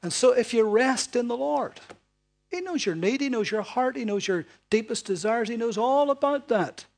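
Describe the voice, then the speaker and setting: A man preaching a sermon to a congregation in a relaxed, chatty way, often ending points with tag questions. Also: very high voice, normal speed, creaky. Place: church hall before a congregation.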